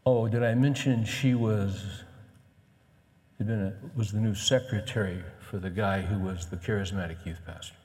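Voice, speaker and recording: A middle-aged man preaches a sermon, his voice sitting fairly low. He retells a story in a conversational, animated way and acts out the dialogue. His voice carries a long reverb from a large church hall. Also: normal speed. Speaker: pastor.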